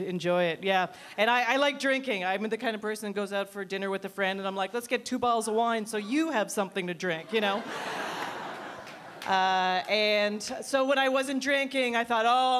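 A woman in her thirties doing a stand-up comedy routine in a club, telling dry, self-deprecating stories and jumping up in pitch for quoted people. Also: slight background noise. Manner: quick animated voices for quoted people.

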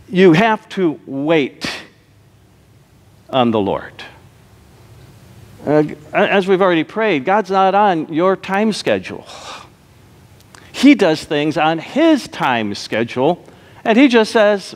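A male pastor preaching a sermon, telling a joke story, then slowing down to stress key phrases. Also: high-pitched, very animated. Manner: storytelling with punchlines, slow emphatic repetition. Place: church sanctuary. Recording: long reverb of a church hall.

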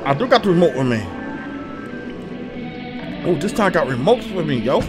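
A young man commentating his own game play, excitable and swearing, shouting in panic at times. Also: a little high, moderate pace. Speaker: gaming streamer. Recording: game music behind. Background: game music.

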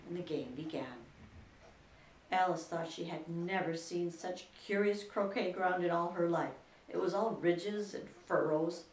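A woman librarian reading a children's chapter book aloud in a slow, deliberate way. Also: lowish voice, darkish tone, far from the mic. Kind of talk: storybook read-aloud. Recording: echoey room, voice from afar.

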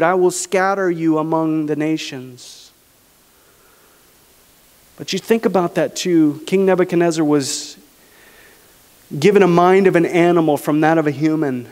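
A male pastor preaching a sermon, reading scripture aloud and slowing down to stress key phrases. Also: on the high side, darkish tone. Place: church sanctuary. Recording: church hall reverb.

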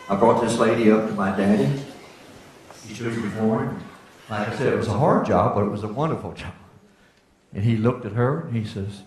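A man's voice: on the low side, normal speed, long pauses, a little hiss or hum. An older American man telling testimony stories in a folksy sermon, sometimes building to fervent exclamations, in a church. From United States. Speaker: preacher giving testimony. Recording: echoey church hall.

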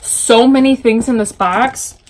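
A woman excitedly unboxing a package in her bedroom for a casual book vlog, gushing and chatty. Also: a little high, a little slow. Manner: gushing, chatty, full of little gasps and exclamations. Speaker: book vlogger.

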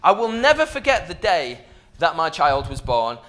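A man in his thirties telling a stand-up story, cheeky and animated, sometimes building to shouts. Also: a little high, normal speed, a little hiss or hum. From England. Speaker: stand-up comedian. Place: comedy club stage. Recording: far mic, roomy club, crowd laughter.

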